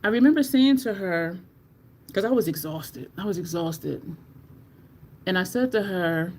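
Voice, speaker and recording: A woman vlogger chatting casually while doing her makeup, telling a story in an animated way, swearing often and jumping to high squeaks when she quotes herself. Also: measured pace, pauses often, a little hiss or hum. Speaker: beauty vlogger.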